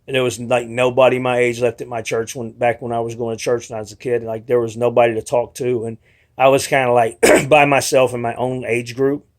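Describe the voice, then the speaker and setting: A man's voice: medium pitch, level tone, brisk. A young adult man talking in a casual rambling monologue, argumentative and frustrated, with many restarts. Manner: rambling, restarts often, mimics others in quotes. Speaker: video blogger.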